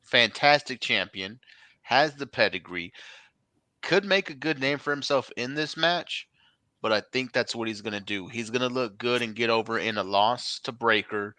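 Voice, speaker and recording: A man's voice: mid-range voice, expressive, normal speed, bright, forceful tone, dry recording. A man co-hosting a casual wrestling podcast, rambling and joking, swearing freely. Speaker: podcast co-host.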